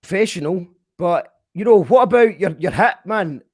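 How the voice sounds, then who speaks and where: Excitable high-pitched host. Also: male voice, normal speed, dry recording. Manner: excitable, swearing, shouting when thrilled. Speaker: host of a live stream show. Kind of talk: casual live stream chat.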